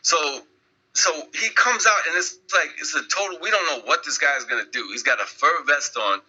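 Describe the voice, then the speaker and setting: A man guesting on a podcast, telling a story in a rambling, animated way with many restarts. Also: fairly high pitch, moderate pace, breathy edge, rough recording. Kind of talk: casual podcast chat.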